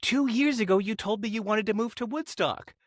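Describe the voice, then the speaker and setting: A man putting on the voice of an excited young woman in a squealing falsetto. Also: fairly quick, no room sound, studio quality, natural voice. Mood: thrilled.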